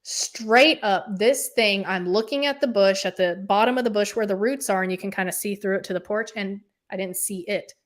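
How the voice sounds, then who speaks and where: A woman telling a personal story in casual, animated talk, often saying "like" and acting out what people said. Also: medium pitch, normal speed, few pauses. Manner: animated, acts out quoted voices. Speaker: podcast host appearing as guest.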